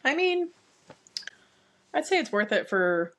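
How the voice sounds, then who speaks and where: A woman's voice: high voice, big pitch swings, slow pace, a bit bright, slight background noise. A woman co-hosting a podcast, laughing often and chiming in with agreement while discussing a novel. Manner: swears casually. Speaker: podcast co-host. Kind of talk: casual book chat.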